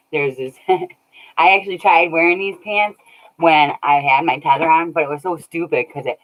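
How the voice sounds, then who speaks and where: A woman's voice: low-pitched, steady tone, measured pace, long pauses, fairly bright tone. A woman chatting casually on a livestream, laughing often and thanking viewers by name. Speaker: streamer reading chat. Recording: dull lo-fi audio.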